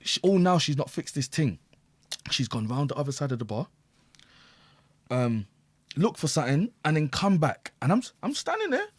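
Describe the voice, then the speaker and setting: A middle-aged man, a podcast guest, telling a story loudly, swearing, acting out the people he quotes and laughing often. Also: mid-range voice, animated, normal speed, long pauses, no room sound. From England. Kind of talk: animated storytelling.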